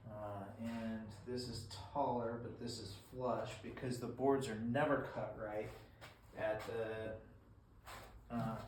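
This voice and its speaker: A man casually narrating his woodworking as he builds shelves, self-deprecating and rambling, often breaking off mid-thought. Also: mid-range voice. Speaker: DIY woodworking vlogger. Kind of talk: casual how-to narration while working. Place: hot garage workshop in the desert. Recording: echoey garage, distant mic, tool noise.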